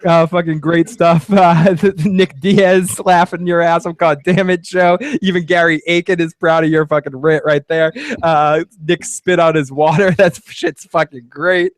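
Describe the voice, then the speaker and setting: A man's voice: fairly high pitch, flat delivery, a little slow, hardly any pauses, no echo, clean studio sound. A man hosting a casual live stream, laughing often and reading out viewer comments. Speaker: podcast host.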